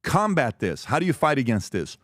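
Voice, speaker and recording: A man's voice: mid-range voice, no room sound, studio quality. Man giving an emphatic business talk. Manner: animated storytelling, acts out quoted exchanges; direct and emphatic, lists points quickly. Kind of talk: business presentation to a live audience.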